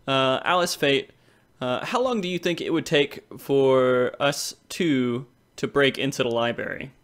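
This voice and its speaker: Laid-back American podcast host. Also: male voice, medium pitch, a little slow, fairly bright tone. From Tennessee, US. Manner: laid-back, reads listener questions with fillers. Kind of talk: casual podcast chat.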